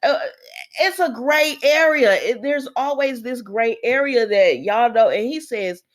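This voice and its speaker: A woman's voice: fairly high pitch, lively intonation, a little slow. A woman hosting a casual soap opera recap vlog, chatty and opinionated, slipping into quoted voices of the characters and complaining about the writing. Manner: exasperated with the show's writing.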